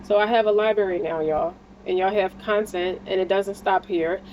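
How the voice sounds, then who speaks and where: A woman's voice: mid-range voice, steady tone, normal speed, darkish tone, dull audio, slight background noise. Blunt, slangy woman reading tarot. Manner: blunt, slangy and encouraging, swears freely. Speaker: tarot card reader. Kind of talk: casual spiritual tarot reading.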